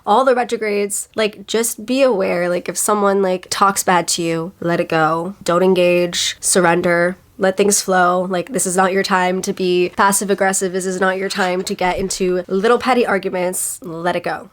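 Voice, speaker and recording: A young woman in her twenties talking casually and earnestly to camera, giving astrology advice with lots of filler words. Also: fairly low pitch. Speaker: astrology content creator. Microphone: camera mic.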